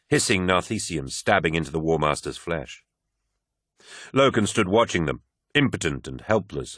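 A man giving grave, measured audiobook narration of a dramatic story. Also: sits low, a bit bright, dry recording, studio quality.

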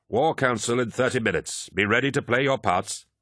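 A man doing a harsh, forceful captain. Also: mid-range voice, normal speed, no echo, studio quality, voice pushed up. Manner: loud and emphatic.

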